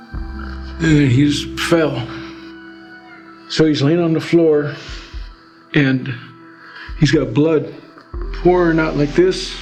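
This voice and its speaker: A middle-aged man from Alaska shares his past in a loose, rambling way, full of "you know" and "it's like". His voice sits a little higher than most men's. Soft music plays faintly underneath. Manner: rambling storytelling with many fillers. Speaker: interviewee. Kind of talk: personal testimony.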